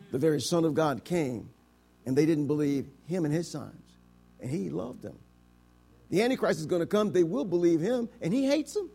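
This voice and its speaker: A man with a high, bright-toned voice preaches a sermon. He swings between booming declarations and near-whispers, stretching his key words. He presses his congregation with rhetorical questions. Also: expressive, brisk, gravelly, husky. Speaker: pastor.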